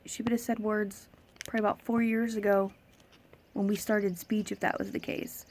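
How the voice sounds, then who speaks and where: A woman's voice: mid-range voice, level tone, moderate pace, a little mellow, slight background noise. A young woman venting in a casual vlog about remarks made to her as an autism parent, emphatic and exasperated, sometimes mimicking other people.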